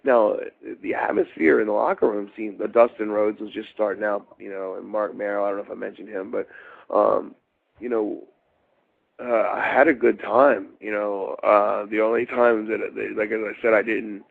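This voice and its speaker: A middle-aged man from Baltimore with a low, gravelly voice tells wandering wrestling-road stories. He is full of restarts and fillers. The sound is thin and phone-like. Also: steady tone, moderate pace. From Baltimore, USA. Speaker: interview guest, former wrestler. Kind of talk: rambling shoot interview storytelling. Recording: phone-like interview line.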